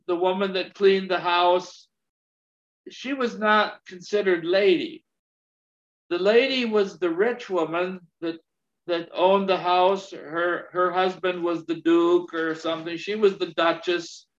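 Male preacher, high-pitched, unhurried and halting delivery, lo-fi sermon recording. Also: steady tone. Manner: slow, halting delivery with many restarts and amens. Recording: dull lo-fi recording.

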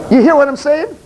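A man with a very high voice delivers a sermon. He speaks straight at his listeners, emphatic and repetitive, and trips over words when he reads scripture aloud. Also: a little mellow, poor audio. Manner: emphatic, addresses congregation directly, stumbles reading aloud. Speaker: preacher.

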